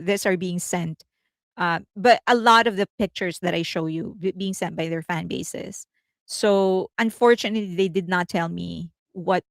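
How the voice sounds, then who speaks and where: A woman's voice: mid-range voice, creaky, no echo. Chatty woman hosting a livestream. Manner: chatty and rambling, laughs often, thinks aloud. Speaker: entertainment news livestream host. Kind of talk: casual livestream commentary.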